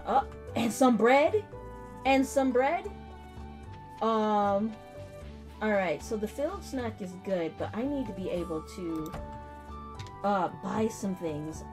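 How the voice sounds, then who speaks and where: A woman's voice: medium pitch, animated, takes it slowly, pauses often. Thirties woman gamer, loose slangy play-along commentary over game music. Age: 30s. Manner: chatty, slangy, self-mocking. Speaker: gaming video host. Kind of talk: casual gameplay commentary.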